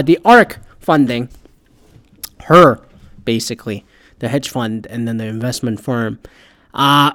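A man hosting a podcast, rambling in a casual monologue and swearing a lot, jumping between loud outbursts and mumbled asides. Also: on the high side. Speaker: podcast host.

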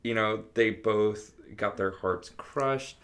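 A man with a fairly low voice chats about a film on a casual podcast. He is easygoing, laughs along with his co-host, and hedges a lot as he works through his thoughts. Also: slow, a bit bright.

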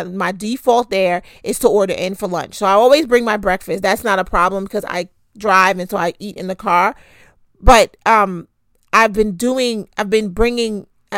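Here the podcast host speaks in a mid-range, fairly bright voice, recorded without echo. She dishes out conversational money advice frankly, swearing a little and making jokes at her own expense.

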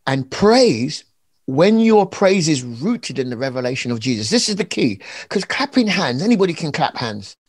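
A man with a fairly high voice, talking in an animated, preacherly way. He leans hard on key words and acts out little scenes. It sounds like a conversation, not a sermon from a pulpit. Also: moderate pace, slightly rough, dry recording. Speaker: author and preacher being interviewed.

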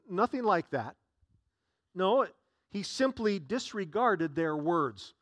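Guy pastor preaching, kinda high voice, dry sound, earnest, keeps restarting his words. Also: lively intonation, measured pace, fairly bright tone, no room sound. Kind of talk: sermon.

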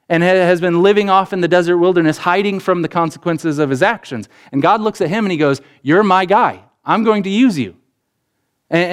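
A man's voice: high-pitched, smooth. A pastor preaching a sermon to his congregation, earnest and conversational, building points through repeated phrases and acting out imagined speakers. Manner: voices imagined speakers in quotes.

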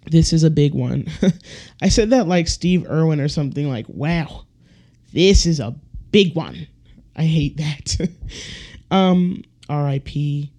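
Guy ranting on his podcast, swears a lot, kinda high but mellow voice, does little impressions of people. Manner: blunt, profane, ranting; acts out quoted people with shifts in voice. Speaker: podcast host. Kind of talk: casual solo podcast rant.

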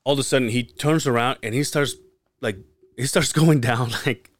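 A man's voice: medium pitch, moderate pace. A man on a podcast telling a story in casual chat, swearing freely and acting out what people said. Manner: animated, profane, acts out quotes. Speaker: podcast host.

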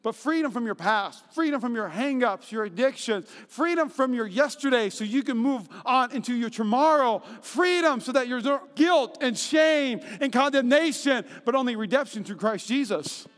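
A man preaching a sermon as pastor, telling stories with animated, acted-out voices and humor. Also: normal speed, few pauses. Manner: animated storytelling, acts out quotes in high voices. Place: church auditorium. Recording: long hall reverb.

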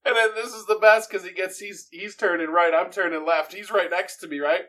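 A man from northeastern Pennsylvania in casual, profane chat, telling animated stories and swearing constantly. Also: sits high, a little fast.

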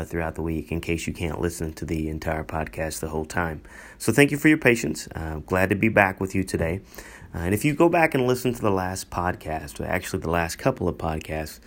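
A man, a pastor, hosting a solo marriage podcast and teaching in a calm, earnest way, repeating key points with frequent "uh" fillers. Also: sits low.

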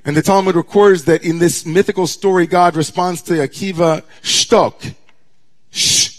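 A middle-aged man, a rabbi, giving a dramatic sermon that swings from hushed, drawn-out near-whispers to impassioned declamation. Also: high-pitched, fairly even intonation.

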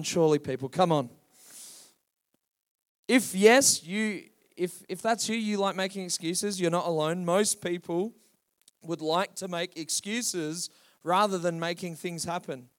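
High-voiced male pastor preaching. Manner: preaching with rising calls to the congregation. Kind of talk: sermon.

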